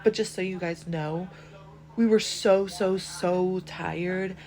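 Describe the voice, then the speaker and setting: A woman's voice: fairly low pitch, fairly even intonation, takes it slowly, a little mellow, soft background music. A young woman podcast host breaking in with a casual, apologetic aside to her listeners, explaining something while chatting.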